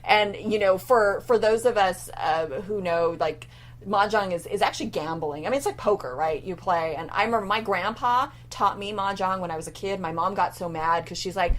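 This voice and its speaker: A woman co-hosting a podcast in casual chat, talkative and full of fillers, often trailing off quietly. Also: on the low side, fairly quick. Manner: chatty, many fillers, trails off softly at ends of thoughts. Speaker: podcast co-host.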